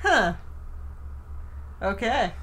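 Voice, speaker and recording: A woman's voice: medium pitch, very animated, drawn-out words, a bit bright. A woman chatting and joking casually alongside a game stream. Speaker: co-player. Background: faint game music.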